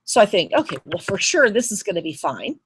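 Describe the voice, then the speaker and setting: A woman's voice: mid-range voice, fairly quick, a little hiss or hum. A woman teacher hosting a video call chat, telling a story and acting out the voices in it. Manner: animated storyteller, acts out voices. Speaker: teacher and show host.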